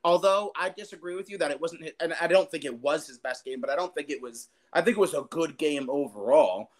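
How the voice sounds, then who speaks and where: A man co-hosting a casual sports podcast, with a voice a little higher than most men's. He rants in fast, animated runs, and profanity runs through almost every sentence. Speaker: podcast co-host.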